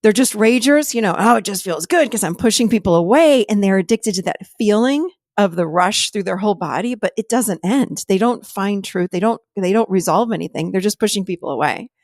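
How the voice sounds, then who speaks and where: Woman, middle-aged, podcast host, animated storyteller, laughs while talking, middle pitch, dry close recording. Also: a little fast, few pauses, no room sound. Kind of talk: casual chat.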